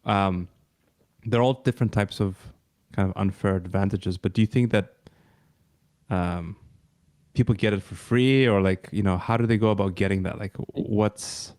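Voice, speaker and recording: A man's voice: lowish voice, moderate pace, darkish tone, no echo, studio quality. A man hosting a podcast interview, asking his questions in a casual, hesitant way with plenty of fillers. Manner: hesitant, many fillers and restarts. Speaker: podcast host.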